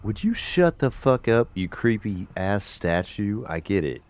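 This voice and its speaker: A man's voice: on the low side, big pitch swings, unhurried, darkish tone. A young man streaming a game, muttering profane commentary to himself with bursts of exasperation and an occasional cough. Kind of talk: live gameplay commentary.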